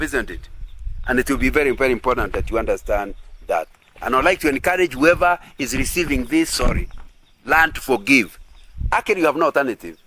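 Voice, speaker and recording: A man's voice: fairly high pitch, pushed and bright. A man preaching at a couples' retreat, earnest and repetitive, often asking the audience if they agree. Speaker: pastor.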